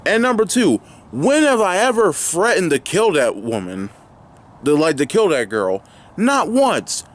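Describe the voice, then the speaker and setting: A young man with a sing-song voice on the high side vlogs outdoors near his home at a moderate pace. It's an angry ranting vlog: he rambles indignantly, with lots of fillers and restarts.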